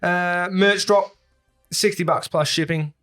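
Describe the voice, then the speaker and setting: A man co-hosting a podcast, reading plugs and announcements in relaxed, rambling casual chat with lots of "uh" fillers. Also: high-pitched, a little slow, clean tone, soft background music.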